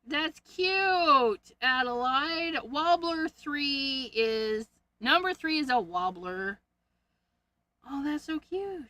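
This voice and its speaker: A woman's voice: sits high, animated, very slow, bright, forceful tone, dry recording. A woman hosting a casual crafting livestream, chatting and giggling as she sorts through her stamps. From Canada. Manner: chatty, giggly, thinks aloud.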